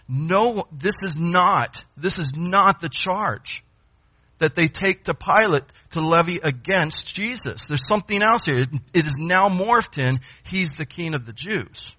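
A man's voice: on the high side, bright, forceful tone. A man preaching an expository sermon, emphatic, repeating phrases and asking rhetorical questions. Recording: dull lo-fi sound.

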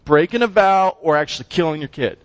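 In a voice on the high side, a man briskly explains a Bible passage to his class, animated and asking his listeners questions throughout. The audio has no echo.

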